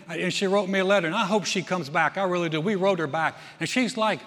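A man with a high-pitched voice preaches in a conversational way, briefly taking on the voices of the people in his stories. The sound rings out with the long reverb of a church hall. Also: fast, few pauses, fairly bright tone, some chatter behind. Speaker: pastor. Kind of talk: sermon.

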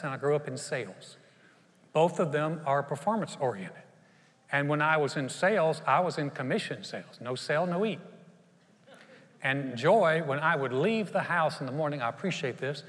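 A male pastor preaching a sermon in an animated way. He acts out quotes and often laughs. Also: fairly high pitch, in a large hall.

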